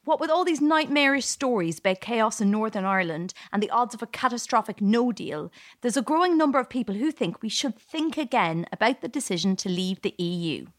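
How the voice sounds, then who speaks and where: Sarcastic woman comedian, lively pitch. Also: a little fast, dry recording, clean studio sound. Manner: sarcastic, laughs at her own jokes. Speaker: podcast host, comedian. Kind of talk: comic political monologue.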